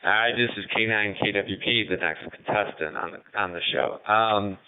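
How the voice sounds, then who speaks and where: A man chatting casually over amateur radio, relaxed and thoughtful, pausing often with fillers. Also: lowish voice, clear, resonant tone, no echo. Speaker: ham radio operator calling in. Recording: tinny radio transmission.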